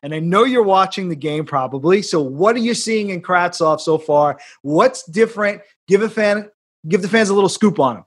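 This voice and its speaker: Jokey dude hosting, high voice that bounces all over. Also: male voice, lively intonation, slightly rough. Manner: jokey, playful, quick to laugh. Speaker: podcast host. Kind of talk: casual chat.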